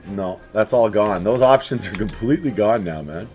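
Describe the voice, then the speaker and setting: Over faint background music, a let's play host narrates his strategy game in a chatty, animated way, addressing the enemies on screen. His voice is lowish, his pace moderate, and he barely pauses.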